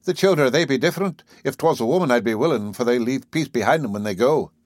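A man's voice: mid-range voice, lively intonation, fast, no echo, studio quality, natural voice. A man voicing a quarrelsome, sardonic Irish husband.

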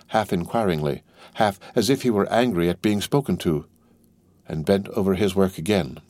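A man narrating an audiobook in a measured, steady reading voice. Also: low-pitched, no room sound. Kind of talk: scripted narration.

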